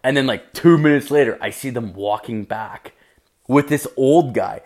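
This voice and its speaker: A young man of ordinary pitch tells a story off the cuff, stumbling through "like" after "like". He swears freely and keeps the tone loose and conversational. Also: moderate pace, darkish tone. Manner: rambling, heavy swearing, constant "like" fillers. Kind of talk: casual profane storytelling.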